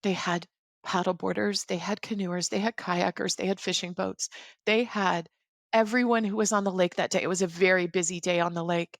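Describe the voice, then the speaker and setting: A woman in her forties, a podcast guest, recounting a personal story in a measured, reflective way. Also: on the low side, steady tone, no echo, clean studio sound.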